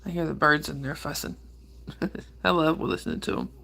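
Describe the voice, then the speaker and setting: A woman hosts a relaxed livestream, greeting her viewers by name. Her voice is hoarse from a cold, with a gravelly, creaky edge, and she sniffles now and then as she chats. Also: sits low, moderate pace. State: hoarse with a cold and sore throat. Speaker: livestream host. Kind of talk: casual live chat with viewers.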